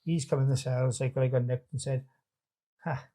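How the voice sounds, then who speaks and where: A man's voice: medium pitch, little pitch movement, quick pace, mellow. A middle-aged man telling stories as a guest in a casual chat. He swears freely and trails off mid-sentence.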